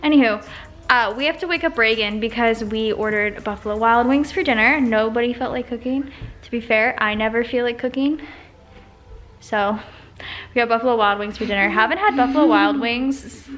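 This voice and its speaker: A young woman vlogger chats casually at home to a handheld camera, rambling and correcting herself as she goes. Her voice is fairly high and fairly bright, at a moderate pace, with slight background noise.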